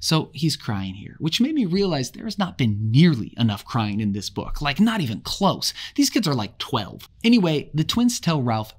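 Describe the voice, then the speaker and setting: A man walks through a novel chapter by chapter in a relaxed, conversational way. He reads passages with feeling, then drops in dry, jokey asides. His pitch moves up and down a lot. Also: normal speed, hardly any pauses. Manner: wry, jokey asides between dramatic readings. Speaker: literature explainer. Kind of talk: casual chapter summary with readings.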